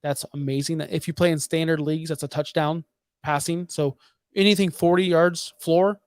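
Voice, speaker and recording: A fired-up podcast co-host rants about fantasy football, piling point upon point without letting up and hitting his words with heavy emphasis. His voice sits a little high, with a steady tone at a normal speed. The sound is dry and close, with no room echo.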